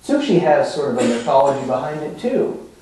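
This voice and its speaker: A man's voice: on the high side, big pitch swings, a little fast, mellow, a little hiss or hum. Pastor, male, casual sermon delivery, heard from afar in a very echoey sanctuary. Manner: conversational teaching, with fillers and rhetorical asides. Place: church sanctuary. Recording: echoey hall from far off.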